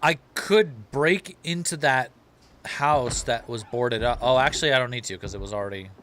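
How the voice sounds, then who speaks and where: A man streaming a game live, commenting as he plays, excitable and quick to swear in frantic reactions. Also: mid-range voice, a little hiss or hum. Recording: loud music under the voice.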